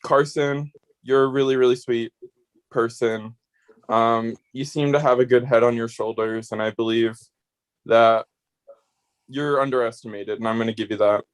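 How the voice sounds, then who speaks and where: Man, eliminated player, voice chat farewell, rambling, swears a lot, mid pitch. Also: fairly even intonation, normal speed, long pauses, smooth. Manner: rambling, swears freely, grows emotional.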